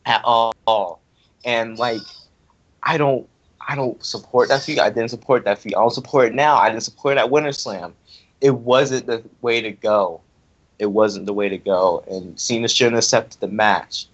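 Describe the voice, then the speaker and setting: A young man ranting angrily in casual talk, repeating himself as he vents about an online wrestling event. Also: medium pitch. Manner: angry, repetitive, ranting. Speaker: online wrestling league member. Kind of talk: heated casual rant. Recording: dull lo-fi audio.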